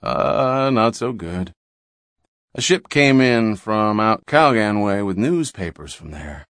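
A man's voice: lowish voice, expressive, slow, fairly bright tone, clear, resonant tone, dry recording, clean studio sound. A man voicing a plump, fussy, good-natured older man in an audiobook, blustering in homely folksy talk. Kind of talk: audiobook character reading.

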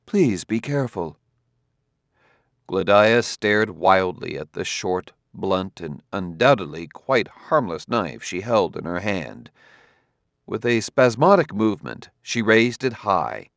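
A man narrating a novel as an audiobook in an expressive storytelling manner. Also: deep voice, slow pace, vocal fry, no room sound, studio quality. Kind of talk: scripted narration.

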